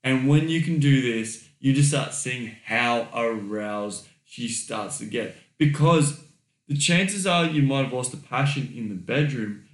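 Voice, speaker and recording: A man's voice: medium pitch, expressive, measured pace. An Australian man co-hosting a casual podcast, blunt and swearing freely, laughing easily as he talks. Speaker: podcast co-host. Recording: roomy echoey room.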